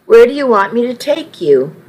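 A woman voicing a polite, kind young man in a gentle delivery. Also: fairly high pitch, big pitch swings, normal speed, voice pushed up, rough recording.

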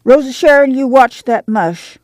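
Tired rural mother, read by a woman, firm, soothing, folksy dialect, warm dark tone. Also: sits high, expressive, measured pace, no echo, voice pushed up. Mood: urgent, firm. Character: weary, steady migrant mother. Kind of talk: dramatic book reading.

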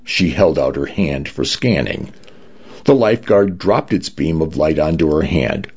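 A man narrating an audiobook in a very deep, gravelly voice that rises and falls a lot. His husky tone comes through a dull, lo-fi recording. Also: a little slow. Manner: expressive storytelling.

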